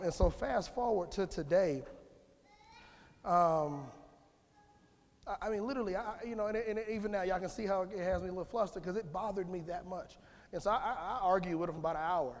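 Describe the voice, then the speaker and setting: A man giving an informal, conversational sermon in church, rambling with restarts and calling on the congregation. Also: sits high. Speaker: lay speaker giving a church message. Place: church sanctuary. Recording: long church hall reverb.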